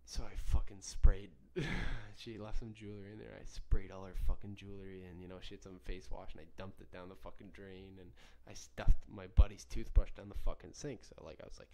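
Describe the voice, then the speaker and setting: Young male podcast host, lowish voice, casual and rambling, swears constantly, keeps restarting sentences. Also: little pitch movement, a little fast, few pauses, mellow. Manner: rambling, profane, frequent self-corrections. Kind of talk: casual solo podcast storytelling.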